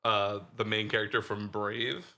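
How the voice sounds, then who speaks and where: Chatty bright-voiced man rambling about movies. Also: fairly low pitch, fairly even intonation, moderate pace. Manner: rambling, heavy on fillers like "like" and "dude". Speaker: podcast co-host. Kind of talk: casual movie-review chat.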